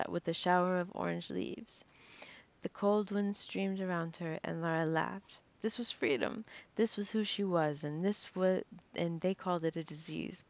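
A woman reads a fantasy novel aloud in a low, gravelly voice, nervously stumbling and restarting words. The recording sounds dull and lo-fi. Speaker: reader.

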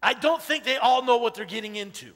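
A man's voice: extremely high pitch, expressive, fast talker, a bit bright. A man in his fifties preaching a conversational sermon in a church sanctuary, telling personal stories with frequent "you know" asides. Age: 50s. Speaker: pastor. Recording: long church hall reverb.

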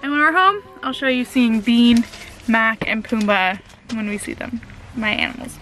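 A woman's voice: a little high, animated, moderate pace, a bit bright, a little hiss or hum. A young woman chatting casually for her vlog from a car, rambling with fillers and little laughs. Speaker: vlogger.

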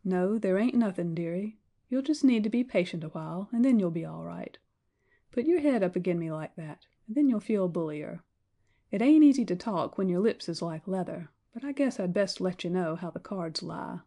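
A worn-out frontier man near death from thirst, speaking tenderly in a folksy drawl, as a woman puts him on. The voice is mellow and low-key. It comes from an audiobook reading. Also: lively intonation, moderate pace.

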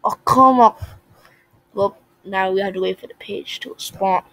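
A young woman giving casual commentary while playing a puzzle game, excitable, swinging from muttering to shouting at the game. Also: mid-range voice, brisk, creaky, dry recording, poor audio. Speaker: gaming video creator.

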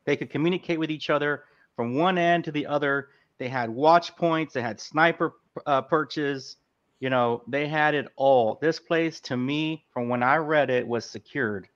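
Podcast dude, casual slangy talk, kinda higher voice, muffled lo-fi audio. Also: male voice, normal speed. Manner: loose, slangy, says "dude" a lot. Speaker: podcast co-host. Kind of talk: casual chat.

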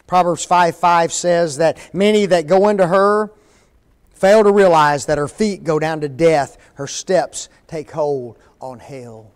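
Older man, preacher, sermon in a church, folksy, asks the congregation questions, high voice. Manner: reads scripture slowly and emphatically. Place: church sanctuary.

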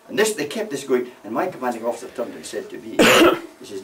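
A man's voice: mid-range voice, sing-song, fairly quick, background noise. An older man, a war veteran telling rambling anecdotes with many "you see" asides. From Scotland. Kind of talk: anecdotal storytelling. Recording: voice from far off the mic.

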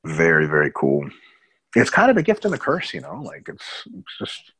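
A man with a low, husky voice co-hosts a casual webinar over a video call, telling stories with lots of swearing and jokes. His pitch swings widely as he talks, and the sound is dry and close. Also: moderate pace, dry recording, rough recording. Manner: profane, joking, animated storytelling. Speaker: co-host.

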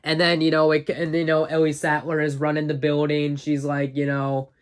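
A man's voice: a little high, monotone, moderate pace. A man casually recapping a favorite movie as a reviewer, rambling and full of fillers, an eager fan. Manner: rambling plot recap, full of "uh" and "you know"; enthusiastic fan, chuckles often.

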